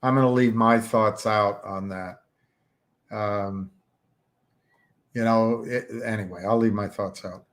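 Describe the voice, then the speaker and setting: A man from the United States, hosting a livestream and talking casually in a slow, rambling way, with many fillers and restarts. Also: on the low side, steady tone. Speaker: livestream host.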